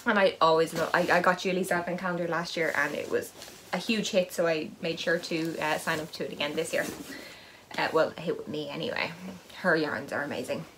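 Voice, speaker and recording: A woman's voice: sits low, steady tone, brisk. Woman vlogger, rambling casual chat, self-deprecating asides, faint background noise. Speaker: knitting vlogger and podcast host. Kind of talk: casual chatty vlog, unboxing advent yarn.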